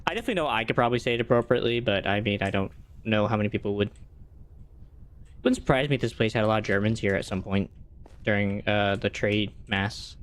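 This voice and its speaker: Low-voiced male streamer chatting casually. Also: fairly even intonation, fast, clean tone. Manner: rambling, answers chat, thinks aloud. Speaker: gaming streamer. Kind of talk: casual live-stream chat while playing.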